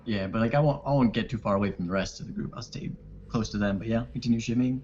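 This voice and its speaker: A man's voice: fairly low pitch, fast talker, darkish tone, lo-fi sound, a little hiss or hum. A man playing a tabletop game casually, asking the game master lots of questions. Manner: chatty, asks lots of questions. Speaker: player.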